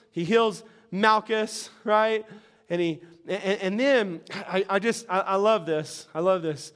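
A preacher man with a high, smooth, resonant voice. He preaches with animated storytelling and slips into the voices of the people in his stories. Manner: animated storytelling, acts out characters. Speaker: pastor. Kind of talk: sermon.

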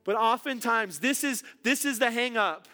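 A male pastor delivers a sermon in a high voice. His tone is bright and forceful. He moves from soft, gentle passages to emphatic peaks and often repeats his words. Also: moderate pace, soft background music.

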